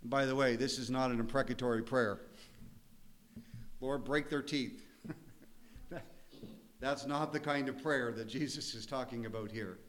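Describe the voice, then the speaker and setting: A pastor preaching a sermon in an earnest, conversational way, sometimes laughing and rising to emphasis. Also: male voice, medium pitch, steady tone, normal speed, a bit bright.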